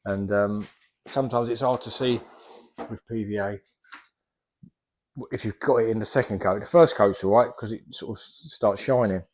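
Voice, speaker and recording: A man's voice: fairly low pitch, normal speed, pauses often, darkish tone, a little hiss or hum. A middle-aged man, a plasterer chatting casually in a vlog as he works and rambling off topic. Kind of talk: casual vlog talk while working.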